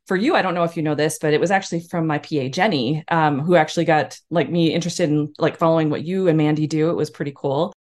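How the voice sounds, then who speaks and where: A woman's voice: deep voice, steady tone, fast talker, few pauses, a little mellow. A woman hosting a podcast interview, bubbly and chatty, laughing often. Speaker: podcast host.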